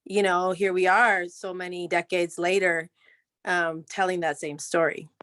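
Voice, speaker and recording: A woman on a video call sharing a memory in a reflective, halting way, full of fillers and restarts. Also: fairly low pitch, little pitch movement, fairly bright tone. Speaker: guest speaker, former actor in the play.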